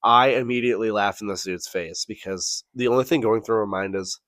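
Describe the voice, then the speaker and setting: A man with a low voice recounts a bad date on a casual podcast, cursing freely and acting out each person's lines. The sound is dry and close to the mic. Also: a little fast, no echo. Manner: profane, animated storytelling with acted-out quotes. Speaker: podcast co-host. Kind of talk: casual storytelling.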